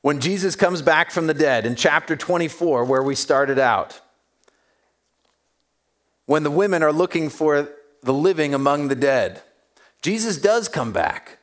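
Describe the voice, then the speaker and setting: A man's voice: on the high side, animated, unhurried, pauses often. A man preaching a sermon, telling stories with humor and acting out the voices of the people in them. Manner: humorous and self-deprecating. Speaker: pastor.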